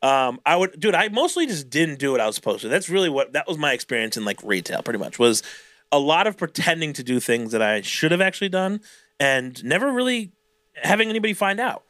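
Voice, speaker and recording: A man's voice: a little high, fairly quick, dry recording. A young man co-hosting a podcast, telling retail stories in a casual, swearing style and acting out customers. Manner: animated storytelling, swears a lot, acts out customers. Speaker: podcast co-host. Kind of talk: casual chat.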